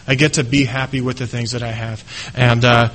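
Middle-aged man, personal testimony, earnest and halting, forceful bright tone. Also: mid-range voice, flat delivery, poor audio. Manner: earnest and halting, with many restarts. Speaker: speaker sharing his recovery story.

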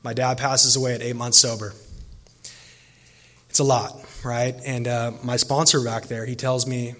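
A man's voice: mid-range voice, level tone, measured pace, fairly bright tone. A man in recovery telling his personal story to a gathering, earnest and emotional, with many fillers and restarts. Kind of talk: personal testimony speech.

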